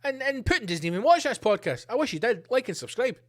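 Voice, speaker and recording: A man's voice: very high voice, very animated, fast talker, fairly bright tone. A middle-aged man hosting a solo podcast, ranting in a sweary, sarcastic way. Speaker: podcast host.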